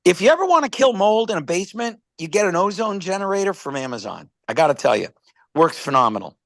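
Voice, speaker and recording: A man's voice: high voice, sing-song, quick pace, gravelly, no room sound. A man casually presenting a product on a live stream, rambling through stories and stumbling over repeated words.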